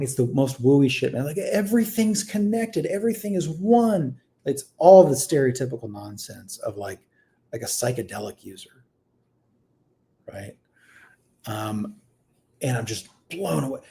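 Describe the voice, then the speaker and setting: Man, thirties, mellow voice, casual storytelling, lots of fillers, quiet to animated. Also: mid-range voice. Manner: rambling, many fillers and restarts, swings between quiet and animated. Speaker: guest telling a personal story.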